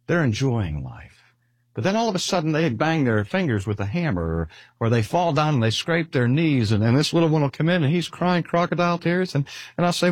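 An older man delivers a sermon in a husky, slightly breathy voice, measured and deliberate, leaning on slow pauses. His pitch rises and falls with lively expression. The sound is close and dry, with no room echo. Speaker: preacher. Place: speaking at a cancer hospital.

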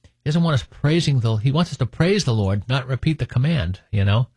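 Guy teaching bible verses, husky voice, cracks jokes between readings, dry sound. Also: medium pitch, expressive, a little fast, darkish tone, no echo. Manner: joking asides, laughs at his own points; reads scripture aloud, then comments on it.

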